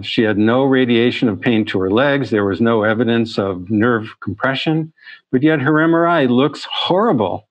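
Speaking in a mid-range voice, the physician tells patient stories during a chronic pain presentation, earnest and prone to restarting what he says. The audio is dry and dull.

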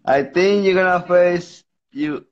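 A male caller talking slowly and distractedly, repeating himself over muffled phone audio with music behind. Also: sits high. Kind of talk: casual live video chat.

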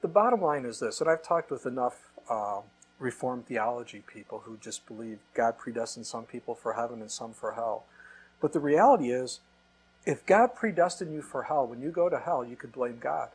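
A pastor with a mid-range voice, lively intonation and a moderate pace preaches a Bible-teaching sermon over slight background noise. He quotes scripture often and builds his argument through rhetorical questions.

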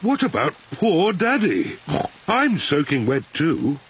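A man voicing a calm, easygoing father pig in a children's cartoon, talking in an unhurried, reassuring way. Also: fairly high pitch, breathy edge, exaggerated voice.

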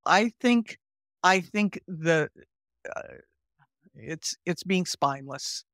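A woman's voice: fairly low pitch, takes it slowly, no room sound, clean studio sound. A woman in her sixties or older, a psychotherapist, speaking earnestly and telling stories in a podcast interview. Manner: earnest, animated storytelling. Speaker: guest psychotherapist.

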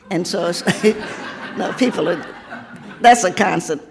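Hoarse 70ish author lady, lost her voice, reads a poem then jokes around with lots of laughs. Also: mid-range voice, big pitch swings, moderate pace, a little hiss or hum. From Tennessee. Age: 70s. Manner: laughing, chatty asides. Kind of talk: poetry reading then casual talk.

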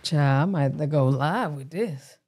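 A woman's voice: low-pitched, normal speed, a little mellow, husky. A woman hosting a reaction video, dropping amused, casual comments between clips. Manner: amused, laughing asides. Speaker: reaction channel host.

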